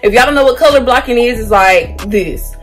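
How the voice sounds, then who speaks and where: A woman's voice: a little high, animated, brisk. A young woman chatting playfully about clothes she bought, using slang and addressing viewers as y'all. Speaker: haul vlogger. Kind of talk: casual clothing haul chat. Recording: roomy sound, mic at a distance, soft music.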